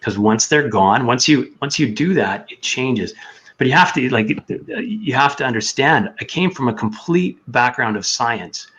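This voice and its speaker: A man's voice: medium pitch, expressive, unhurried, fairly bright tone, breathy edge. A man telling his story earnestly as a podcast guest, sometimes acting out his own inner voice. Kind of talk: casual chat. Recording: dull lo-fi sound.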